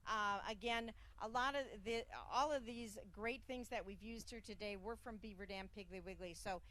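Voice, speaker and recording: Woman, cooking-show host, mid-pitched, upbeat and chatty with lots of ums. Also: fairly even intonation, moderate pace, fairly bright tone. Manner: chatty, filler-heavy, upbeat promotional. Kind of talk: live cooking show hosting.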